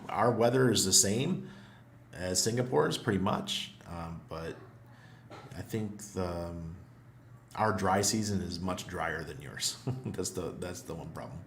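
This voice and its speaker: Hoarse low-voiced man hosting a livestream. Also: a little slow, slight background noise. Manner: chatty, laughs often, greets viewers. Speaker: livestream host. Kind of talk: casual livestream chat.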